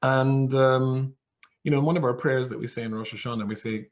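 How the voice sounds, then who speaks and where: A rabbi telling a humorous story to an audience on a video call, acting out the voices of the people in it. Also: male voice, mid-range voice, steady tone, a little fast, dull audio. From England. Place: home, over a video call. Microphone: video call mic.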